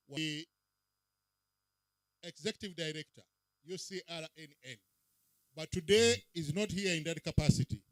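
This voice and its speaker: A man emceeing an event, his voice pitched a little high and carried dry and close over a handheld mic. He calls out names with punchy rising emphasis, as if to a crowd. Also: no room sound. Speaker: master of ceremonies. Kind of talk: event emcee roll call. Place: outdoor public event.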